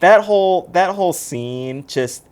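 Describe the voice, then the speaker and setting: A man's voice: high voice, unhurried, smooth. Guy gushing about an old movie, voice jumps all over, laughs a lot. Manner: animated, laughs often, acts out movie lines. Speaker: co-host. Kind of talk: casual movie chat.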